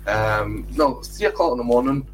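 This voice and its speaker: A man's voice: mid-range voice, animated, normal speed, noisy background. A Scottish man hosting a football podcast, chatting and joking casually. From Scotland. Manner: chatty, joking, says "um" often. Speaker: podcast host. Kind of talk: casual chat.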